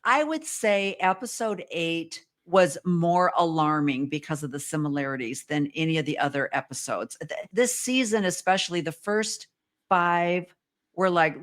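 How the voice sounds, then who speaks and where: Animated woman hosting a chat. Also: sits low, normal speed. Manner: animated, exclamatory. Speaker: podcast host. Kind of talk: casual chat.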